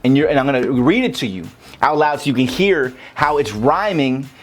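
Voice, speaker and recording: A man's voice: mid-range voice, expressive, moderate pace, soft background music. A young man giving a loose, casual rap lesson, cursing freely and breaking lyrics down vowel by vowel. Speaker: rap teacher. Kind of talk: casual tutorial talk.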